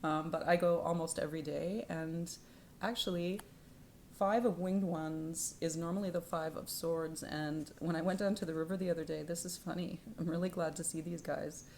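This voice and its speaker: A woman reading tarot cards in a spiritual vlog, soft-spoken and at times dropping to a whisper, livelier and laughing as she tells stories. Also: low-pitched, fairly even intonation, normal speed, slight background noise. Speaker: tarot reader. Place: home in Canada.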